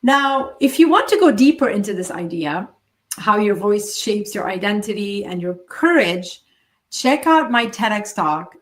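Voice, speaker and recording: A woman hosting a solo motivational podcast, speaking in an earnest coaching tone with emphatic pauses. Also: medium pitch, expressive. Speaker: podcast host.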